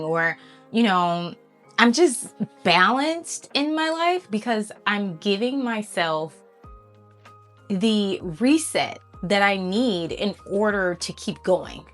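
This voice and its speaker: A woman vlogger talking to her viewers, telling a story in a casual, animated and encouraging way. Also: medium pitch, slow, soft background music.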